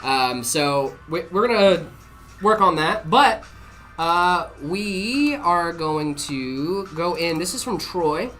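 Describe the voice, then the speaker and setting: A man's voice: on the high side, lively intonation, takes it slowly, a bit bright, soft background music. A young man co-hosting a tech livestream, chatting casually and joking, saying "dude" a lot. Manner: laid-back, joking, says "dude" a lot. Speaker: stream co-host.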